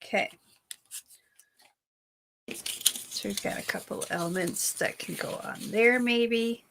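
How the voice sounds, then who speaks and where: A woman's voice: on the high side, slow. A woman hosting a live crafting stream, chatting casually and thinking aloud as she works. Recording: noisy room recording.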